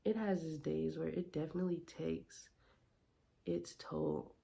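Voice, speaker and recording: A woman's voice: low voice, fairly even intonation, unhurried, creaky, dark tone. A young woman vlogging casually to camera, giving candid, heartfelt advice to other moms. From Las Vegas, Nevada.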